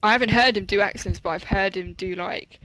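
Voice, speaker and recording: A woman's voice: medium pitch, brisk, pushed and bright, no echo, low-quality recording. A woman chatting enthusiastically as a guest on a gaming podcast. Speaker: server owner, podcast guest. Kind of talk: casual chat.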